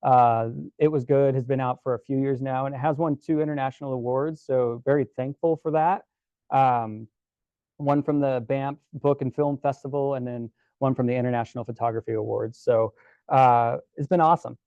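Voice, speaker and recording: A man giving a casual storytelling presentation to a club, relaxed and chatty with many fillers and restarts. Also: mid-range voice, moderate pace, dry recording, muffled recording. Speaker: guest presenter at a camera club.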